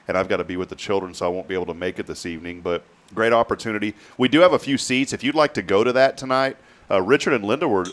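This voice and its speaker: A man hosting a morning show in a casual, easygoing way, laughing often and using plenty of fillers. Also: low voice. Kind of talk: casual chat.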